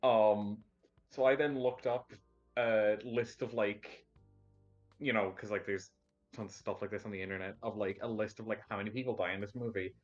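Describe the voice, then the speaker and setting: A man's voice: lowish voice, steady tone, moderate pace, dull audio, soft background music. A man in casual group chat on a stream, telling a rambling anecdote full of fillers and restarts.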